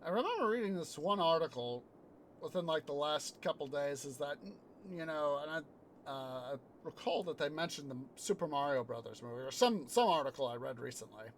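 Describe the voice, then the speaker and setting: Fairly quick and lively in intonation, a slightly high-voiced man rambles through casual chat while streaming a city-building game. He keeps restarting and using fillers as he retells film scenes with sound effects, and there's a little hiss or hum.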